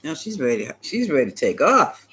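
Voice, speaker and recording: A man giving a live-stream tarot reading, chatty and animated, talking back to viewers and laughing often. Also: on the high side, moderate pace, slightly rough, poor audio. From United States. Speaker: tarot reader.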